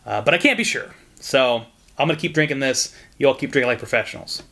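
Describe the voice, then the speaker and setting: A man's voice: mid-range voice, fast talker, pushed and bright. A young man from Southern Indiana giving a frank, joking whiskey tasting review, with the odd curse.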